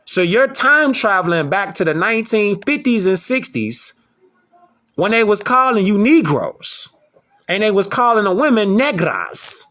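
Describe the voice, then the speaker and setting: An online lecturer delivers preachy commentary to camera, his voice high, very animated, pushed and bright at a measured pace. He lectures his audience emphatically, repeating rhetorical questions.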